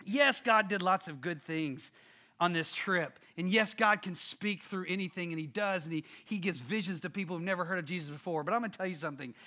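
Animated preacher, bright high voice. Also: male voice, a little fast. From Texas. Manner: animated, acts out quotes and sound effects. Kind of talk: storytelling sermon.

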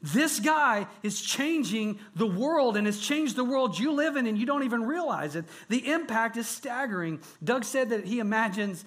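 High-voiced, earnest male pastor preaching. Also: lively intonation, moderate pace, hardly any pauses, a bit bright. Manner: earnest, emphatic preaching with rising intensity and repetition. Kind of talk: sermon to a men's gathering.

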